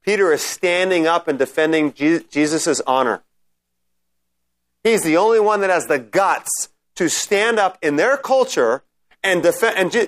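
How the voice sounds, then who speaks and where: A man's voice: fairly high pitch, expressive, a little slow, a bit bright. A man teaching a Bible study class in a conversational way, often checking in with his listeners and restarting his sentences.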